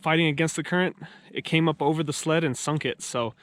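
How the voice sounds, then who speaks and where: A man's voice: on the high side, steady tone, fairly quick, a bit bright. A man filming a casual duck hunting vlog outdoors by a river, rambling to his viewers, a bit out of breath after a long walk. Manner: chatty, rambling, talks to the viewers as guys. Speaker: duck hunter vlogger.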